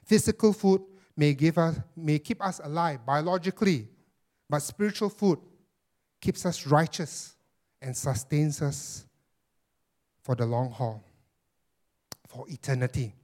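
A man's voice: fairly high pitch, lively intonation, measured pace, pauses often, darkish tone. Emphatic man preaching a sermon. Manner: emphatic, repeats phrases, addresses listeners as friends. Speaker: pastor.

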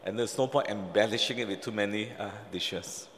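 A man preaching a sermon in a conversational way, often pausing and restarting, and acting out the quotes he reads. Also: fairly low pitch, a bit bright, slight background noise. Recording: long hall reverb.

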